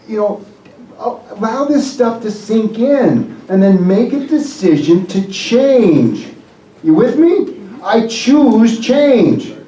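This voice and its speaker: Chiropractor pumping up a live crowd; fairly high voice, echoey room, mic at a distance. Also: male voice. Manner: energetic, joking, rallying the audience with questions. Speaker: chiropractor giving a seminar. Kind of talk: motivational health seminar talk.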